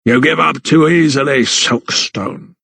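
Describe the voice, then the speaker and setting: A man voicing a large, pompous male lawyer who sneers, gloats and pauses for effect. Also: mid-range voice, vocal fry, fairly bright tone, husky, no room sound. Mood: sneering. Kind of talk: audiobook character voice.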